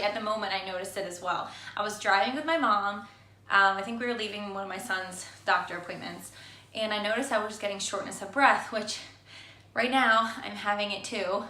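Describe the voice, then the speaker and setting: A woman's voice: mid-range voice, bright, forceful tone. Chatty American woman vlogging at home. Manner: chatty, lots of "like" and restarts. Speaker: vlogger, stay-at-home mom. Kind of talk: casual chat to camera. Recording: echoey room.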